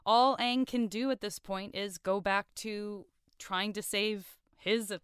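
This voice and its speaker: A woman co-hosting a casual podcast, retelling a cartoon episode in an enthusiastic, emotional and animated way. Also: mid-range voice, takes it slowly, clean tone, no room sound, studio quality. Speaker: podcast co-host. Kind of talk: casual TV recap chat.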